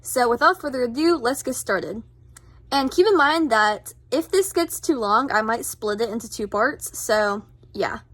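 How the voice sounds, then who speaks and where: A woman's voice: fairly high pitch, expressive, measured pace, a bit bright, no echo. A woman talking chattily over a speedpaint video, bubbly and rambling, with lots of filler words. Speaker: art channel host.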